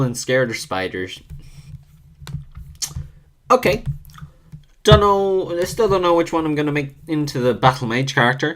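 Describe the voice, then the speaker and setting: A man thinking aloud in a halting, musing way as he rolls dice and invents characters for a video. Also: mid-range voice, slight background noise. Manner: musing, halting, self-correcting. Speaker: video creator.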